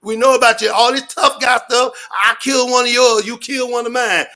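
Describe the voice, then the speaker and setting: A man ranting loudly and profanely in street slang, rambling and repeating his catchphrases. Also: extremely high pitch, fairly even intonation, moderate pace. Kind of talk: animated rant to an interviewer.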